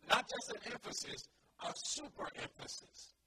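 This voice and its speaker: A male preacher delivering a sermon, peppering his lines with amens and repeating phrases for emphasis. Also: normal speed. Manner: rhythmic, peppers lines with "amen" and "glory to God". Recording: distant mic with loud background noise.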